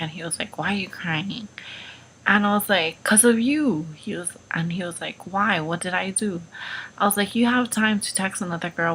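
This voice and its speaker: A woman's voice: lowish voice, vocal fry, fairly bright tone, slight background noise, rough recording. A young woman vlogging casually, chatty and full of "like" and "um" while she tells a personal story. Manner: chatty, lots of "like" and "um". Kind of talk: casual advice vlog storytelling.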